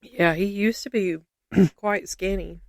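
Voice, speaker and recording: A woman's voice: medium pitch, fairly even intonation, slow, darkish tone, no room sound, clean studio sound. A woman co-hosting a podcast, rambling and ranting in casual chat with lots of fillers. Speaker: podcast co-host.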